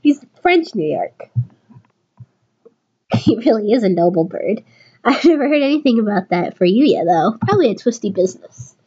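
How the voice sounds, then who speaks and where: A woman's voice: on the high side, big pitch swings, moderate pace, mellow, husky, highs cut off. A tipsy woman hosting a let's play, reading the game aloud and making chatty jokes. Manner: joking, chatty.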